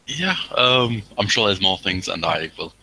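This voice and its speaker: A man's voice: low voice, very animated, vocal fry, sharp tone, slightly rough, rough recording. A man playing in a tabletop game, hesitantly sharing what he enjoyed about the session. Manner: hesitant, halting. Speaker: player. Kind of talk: casual post-game chat.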